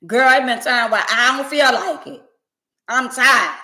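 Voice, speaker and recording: A woman, ranting bluntly and sassily to her livestream viewers and swinging between loud and quiet. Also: high-pitched, a little slow. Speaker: livestream host. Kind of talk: casual livestream rant to viewers.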